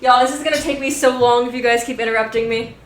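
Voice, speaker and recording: This woman, chatting freely with her live-stream audience, rambles, giggles, and curses without restraint. Her slightly high voice stays steady in tone while she talks fast. The sound echoes around the room, with slight background noise.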